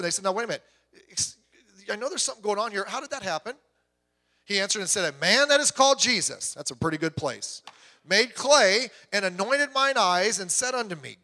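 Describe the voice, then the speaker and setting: Lively high-voiced man preaching in a hall. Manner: animated storytelling, acts out quoted voices, swings from loud to hushed. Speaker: pastor. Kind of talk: sermon. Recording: long hall reverb.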